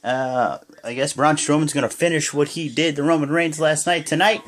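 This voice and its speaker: A man's voice: on the high side, fairly even intonation, a little fast, a bit bright. A sleepy young man giving rambling, casual reaction commentary, often stopping to correct himself. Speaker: wrestling reaction vlogger.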